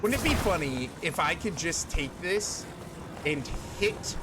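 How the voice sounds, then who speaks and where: A man's voice: a little high, animated, unhurried. A man streaming a video game, chatting playfully with viewers and singing snatches of songs. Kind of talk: casual gameplay chat with chat readers. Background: game music.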